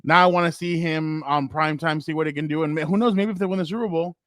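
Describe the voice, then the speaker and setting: A man's voice: fairly high pitch, fairly even intonation, quick pace, a bit bright, dry recording, studio quality. A man co-hosting a podcast who rambles through stories and opinions on football, with fillers and asides. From San Diego area. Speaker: podcast co-host. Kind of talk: casual sports chat.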